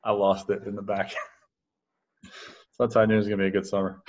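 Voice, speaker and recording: A man's voice: fairly low pitch, little pitch movement, moderate pace, highs cut off. A man, a baseball coach, chatting as a guest on an interview podcast, rambling with lots of fillers and restarts. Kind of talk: casual interview storytelling.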